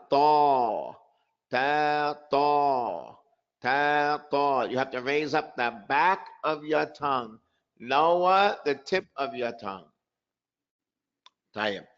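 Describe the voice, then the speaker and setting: A man teaching a live online pronunciation lesson, repeating example words and asking his students quick questions. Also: mid-range voice, fairly bright tone, highs cut off. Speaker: tajweed teacher.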